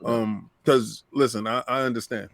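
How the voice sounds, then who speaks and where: A man co-hosting a gaming podcast who tells stories in an animated, emphatic way. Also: medium pitch, moderate pace, vocal fry, no echo. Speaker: podcast co-host. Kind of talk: casual podcast chat.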